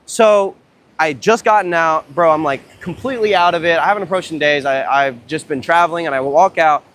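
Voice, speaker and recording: A young man livestreaming a casual vlog outdoors at a beach, talking into a handheld phone while walking, telling rambling stories in a profane, excitable way. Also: on the high side, brisk. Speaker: dating coach livestreamer.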